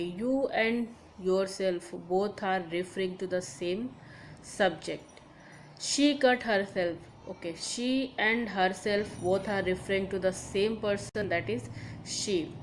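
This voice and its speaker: A middle-aged woman teacher, speaking at a medium pitch, walks pupils through a grammar lesson step by step. She repeats her examples and often checks in with "okay" and "see". A faint hiss sits under the voice. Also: rough recording. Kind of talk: recorded online grammar lesson.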